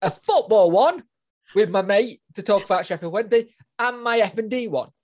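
A man's voice: sits high, animated, moderate pace. A man, co-hosting a podcast and chatting casually as a parent, telling rambling, self-mocking stories. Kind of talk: casual chat.

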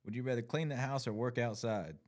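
A man's voice: medium pitch, a little fast. A male podcast host, in casual profane chat, laughing and telling stories. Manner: laughing, profane, animated storyteller.

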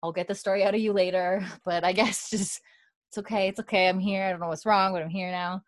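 A woman voicing a gentle, worried husband in soft, hushed acted quotes during a casual recap. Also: medium pitch, steady tone, quick pace, natural voice. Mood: soothing.

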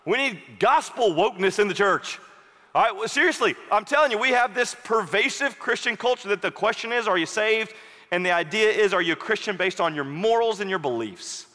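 A middle-aged man preaching a sermon, emphatic and impassioned, dropping to quiet stretches. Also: high-pitched. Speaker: pastor. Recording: long reverb of a large hall.

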